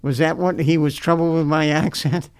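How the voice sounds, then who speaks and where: Older male pastor with a raised, gravelly voice, sharing his personal faith story earnestly with stops and restarts. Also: fairly high pitch, fairly even intonation. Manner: earnest, halting, repeats words as he recalls.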